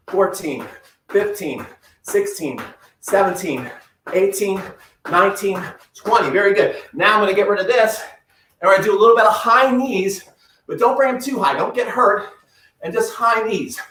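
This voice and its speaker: High-voiced tennis coach in echoey room. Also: male voice, fairly bright tone, distant mic. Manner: upbeat, coaching while exercising. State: breathing heavily at times. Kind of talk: live-streamed home workout instruction. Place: room at home.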